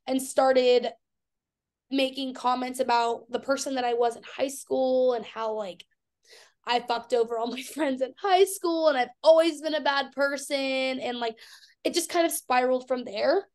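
A woman's voice: high-pitched, a little slow, a little mellow. A woman in her twenties, a guest in an interview, telling her story candidly and bluntly, swearing freely. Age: 20s. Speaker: guest, fitness athlete.

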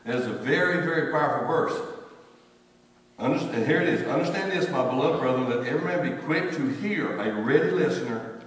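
A pastor with a slightly high, animated voice preaches fairly quickly in a church sanctuary, spinning folksy stories and acting out what people say. The recording is distant and echoey, as in a church hall.

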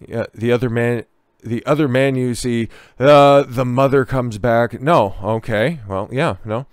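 A man's voice: medium pitch, measured pace, smooth, no echo, clean studio sound. A man giving heated, profane reaction commentary on a video clip. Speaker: online commentator.

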